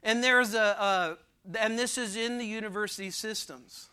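A man's voice: high voice, moderate pace, pushed and bright, clean tone. A man preaching a sermon, emphatic and repeating phrases for weight.

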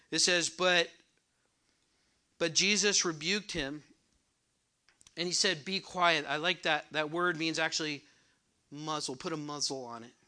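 A man's voice: on the high side, pushed and bright. A man preaching a sermon, asking the congregation questions and repeating words for emphasis. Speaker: pastor.

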